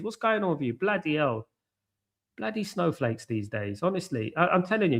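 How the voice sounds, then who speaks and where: A man hosting a live football watchalong, chatting to viewers by name and reacting excitably to each moment of play. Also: on the high side, a little fast. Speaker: watchalong host.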